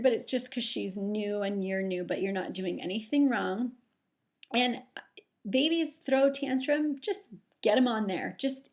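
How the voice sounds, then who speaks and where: A woman giving casual, reassuring breastfeeding advice to camera, gentle and loose with fillers. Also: mid-range voice. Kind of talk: casual instructional talk to camera.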